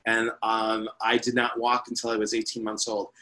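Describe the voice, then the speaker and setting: A man's voice: on the low side, completely flat delivery, moderate pace, sharp tone, low-quality recording. A man in his fifties, a spiritual teacher and interview guest, telling his life story in a chatty, rambling way. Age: 50s.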